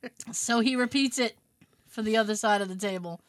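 A woman chatting casually on a talk show, acting out quotes with big jumps in pitch. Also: a little fast, dry recording. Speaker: co-host. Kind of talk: casual chat.

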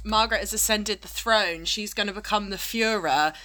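A woman's voice: medium pitch, moderate pace, bright, forceful tone. A woman co-hosting a casual film review chat, dropping wry quips. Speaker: podcast co-host.

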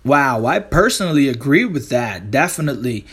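A man's voice: medium pitch, sing-song, normal speed, a bit bright, husky. A man casually introducing a poet, upbeat and affirming.

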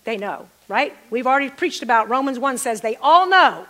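A woman's voice: high-pitched, animated, moderate pace, pushed and bright. A middle-aged woman preaching a sermon, calling out to the congregation and repeating phrases for emphasis.

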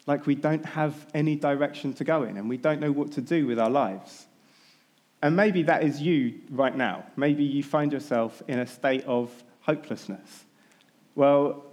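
A man, a pastor, giving a sermon, telling a story in a relaxed, conversational way. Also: medium pitch.

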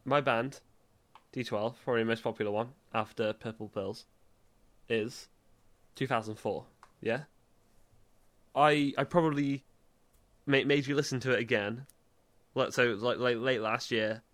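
A young man, co-hosting a podcast in casual chat, full of stammered restarts and quick laughs. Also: medium pitch, fairly even intonation, fairly bright tone. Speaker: podcast co-host.

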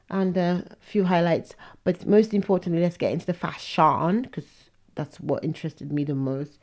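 A woman's voice: deep voice, warm tone. A woman hosting a podcast, chatting casually with frank, opinionated asides. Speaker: podcast host. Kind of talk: casual chat about awards and fashion.

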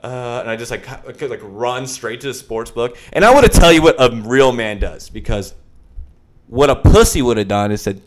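Profane, animated young man telling a story. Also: mid-range voice, normal speed. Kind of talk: casual storytelling chat.

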